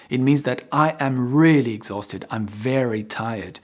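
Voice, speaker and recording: A man's voice: medium pitch, measured pace, hardly any pauses. A man teaching an online English lesson, explaining patiently with many examples and often checking in with "okay?". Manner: lively, upbeat sign-off.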